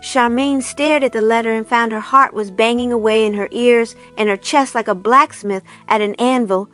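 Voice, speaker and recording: A woman narrating a storybook aloud in a calm, even storytelling manner. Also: on the high side, normal speed, soft background music. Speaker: reader. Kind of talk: audiobook narration.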